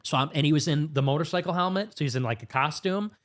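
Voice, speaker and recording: During a casual storytelling interview at a podcast studio, a man tells his story briskly and animatedly. His pitch leaps suddenly as he goes.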